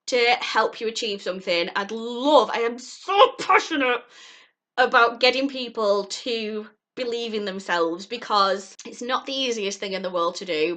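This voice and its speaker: A young woman vlogs from home straight into her camera mic. Her voice sits a touch high and sounds bright and clear, earnest and heartfelt as she rambles encouragement. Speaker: vlogger. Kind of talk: encouraging vlog talk to camera.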